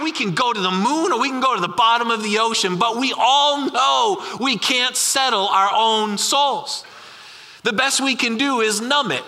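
A man in his thirties preaches with a very bright, forceful voice, keeping it casual and asking his listeners the same question again and again. He slows right down to land his key points. His words ring out with a long reverb, as in a large church hall. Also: sits high. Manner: conversational, repeats questions, slows down for emphasis. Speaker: pastor. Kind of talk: sermon.

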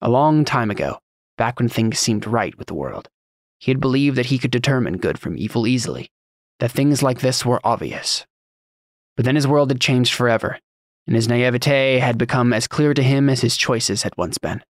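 A man's voice: medium pitch, lively intonation, normal speed, dry recording, clean studio sound. Man narrating a fantasy audiobook.

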